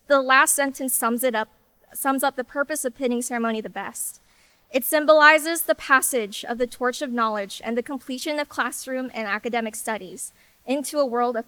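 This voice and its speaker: A woman's voice: high-pitched, clean tone, dry recording. A woman in her twenties, class president, giving an earnest ceremony speech at a graduation-style event. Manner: earnest, warm and a little emotional. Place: hall with audience.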